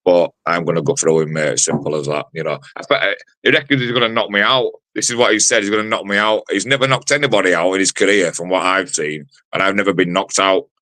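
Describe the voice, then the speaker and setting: A man's voice: low voice, fast, few pauses, pushed and bright, no echo. A man, a bare-knuckle fighter giving a sweary, brash promo interview full of fillers. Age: 40s. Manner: brash, sweary trash talk with many fillers.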